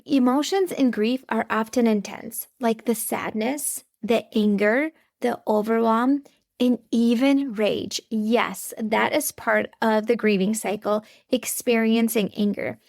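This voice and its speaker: A woman's voice: on the high side, steady tone, slow pace, vocal fry, a little mellow, no room sound, studio quality. A woman in her thirties hosting a faith-based parenting podcast, talking earnestly and conversationally straight to her listeners. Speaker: podcast host.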